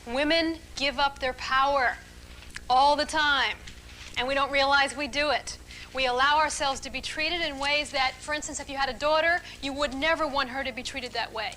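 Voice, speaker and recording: A middle-aged woman leading a seminar for a live audience, talking in an animated, emphatic and playful way. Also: high-pitched, moderate pace, slight background noise. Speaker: relationship speaker leading a seminar.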